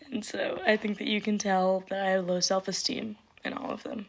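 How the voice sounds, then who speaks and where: A tipsy young woman in her twenties rambles through a casual livestream, breathing heavily between thoughts. Her talk is self-deprecating and keeps slipping down into a soft, half-whispered murmur, at a mid pitch for a woman. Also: little pitch movement, normal speed, vocal fry.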